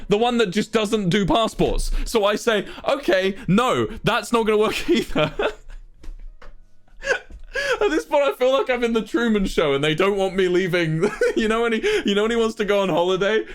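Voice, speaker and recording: High-voiced exasperated young man telling a story. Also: brisk. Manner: exasperated, animated retelling of a hassle; acts out the people in his story. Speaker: streamer. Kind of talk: casual livestream storytelling to chat.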